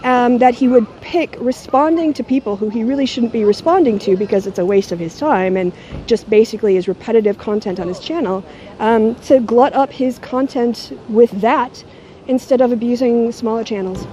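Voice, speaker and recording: A middle-aged woman vlogs to a handheld camera held at arm's length, her delivery mocking and sardonic. Her voice sits a little high with a mellow, warm tone. Faint noise hums behind her. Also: normal speed. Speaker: YouTuber. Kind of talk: casual talking-head vlog.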